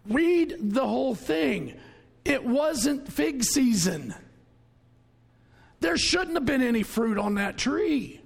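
Gravelly preacher with a drawl in a hall. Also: male voice, very high-pitched, animated, takes it slowly. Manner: folksy, conversational preaching with sudden loud outbursts and hushed asides. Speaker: pastor. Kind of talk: sermon. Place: church.

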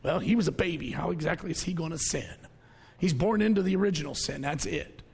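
A man preaching a sermon to his church with a drawl, folksy and conversational, swinging from loud outbursts to hushed asides. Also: fairly high pitch, a little fast, creaky, husky, in a large hall. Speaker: pastor.

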